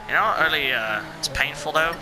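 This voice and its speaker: A man's voice: on the high side, normal speed, music in the background. A man giving rambling, joking commentary while playing a racing game. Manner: rambling, chatty, joking asides. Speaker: gameplay commentator. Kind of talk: casual gameplay commentary. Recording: loud racing car engine noise behind. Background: racing game engine and car sounds.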